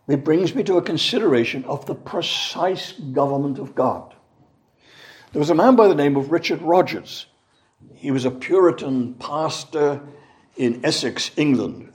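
A man preaching a sermon, reading scripture aloud in a measured, deliberate way and leaning hard on key words. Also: medium pitch, darkish tone.

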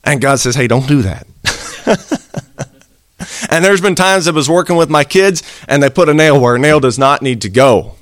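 A man's voice: fairly high pitch, moderate pace, long pauses, a bit bright, dry recording, clean studio sound. A man preaching a sermon in an earnest, conversational way, acting out little quoted exchanges.

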